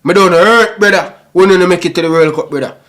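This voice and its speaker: A man's voice: high-pitched, fairly quick, fairly bright tone. A young man with a Jamaican Patois accent, ranting passionately and emotionally to his online audience, repeating himself and calling everyone bro. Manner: passionate, repetitive, frequent "bro" and "brother". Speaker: YouTube football commentator. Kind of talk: emotional rant to camera.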